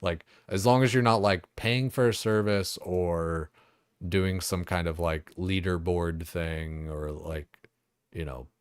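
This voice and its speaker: A man's voice: deep voice, steady tone, takes it slowly, smooth, no room sound. A young man streaming a game, chatting casually and rambling, swearing freely and leaning on lots of fillers.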